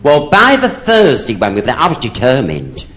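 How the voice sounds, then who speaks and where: Camp, gossipy drag comedian. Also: male voice, medium pitch, wildly swooping pitch, moderate pace, fairly bright tone. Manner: gossipy, camp, swoops between voices for punchlines. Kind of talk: stand-up comedy storytelling.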